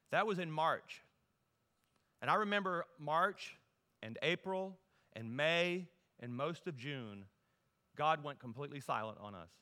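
A middle-aged man from Louisiana, preaching a humorous storytelling sermon that moves from loud to hushed. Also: a little high, normal speed, clear, resonant tone. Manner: animated, humorous, folksy, shifts from loud to hushed. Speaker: guest preacher. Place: church sanctuary. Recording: long reverb in a large hall.

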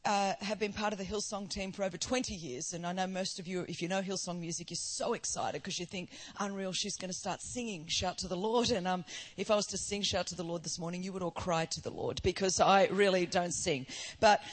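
A middle-aged woman with an Australian accent, preaching as a guest speaker in a fast, lively, joking manner. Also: on the low side. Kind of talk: sermon.

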